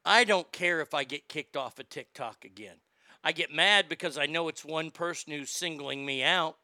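A man's voice: on the high side, moderate pace, bright, forceful tone, no room sound. A man ranting in a sarcastic, indignant, profane commentary, recorded on a close mic. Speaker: social media commentator.

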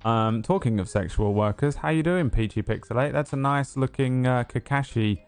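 This mid-range, clear and resonant male voice moves at an ordinary pace. Hosting and running a tabletop game stream, he kicks things off with casual chat, rambling and joking with plenty of fillers despite feeling under the weather.

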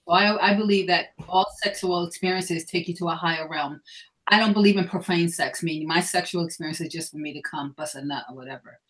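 A woman's voice: on the low side, fast talker, fairly bright tone, poor audio. A middle-aged woman speaking frankly and earnestly as a guest on a candid panel discussion. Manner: frank, sexually explicit, earnest.

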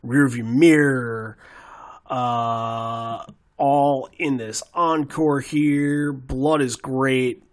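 A man hosting a podcast in casual, rambling chat, animated and joking. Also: medium pitch, very slow. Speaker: podcast host.

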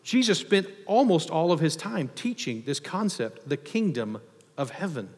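A man preaching a sermon in a church, conversational and animated, acting out the characters he quotes. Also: on the high side, normal speed, breathy edge. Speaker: pastor. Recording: long hall reverb.

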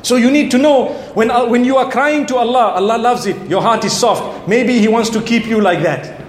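High-voiced man preaching in an echoey hall. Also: moderate pace, slight background noise. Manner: animated, acts out prayers and pleas. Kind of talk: sermon.

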